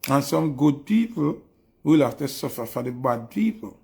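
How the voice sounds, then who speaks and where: Jamaican Patois man, gravelly and raspy, fervent preachy monologue. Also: medium pitch, very animated, normal speed, a little mellow. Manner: preachy, fervent, repetitive questions. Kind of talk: impassioned spoken monologue.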